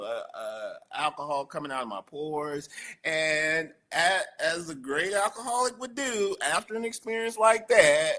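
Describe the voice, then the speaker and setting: Bright-voiced man telling his story. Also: a little high. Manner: animated storyteller, acting out quoted voices. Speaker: podcast guest. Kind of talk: personal recovery story.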